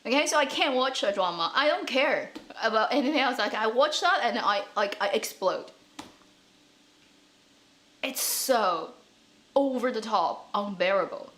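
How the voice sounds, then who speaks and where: A woman hosting an online drama commentary channel, chatting casually in an animated, ranting way with frequent laughs and fillers. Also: fairly high pitch, unhurried. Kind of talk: casual chat.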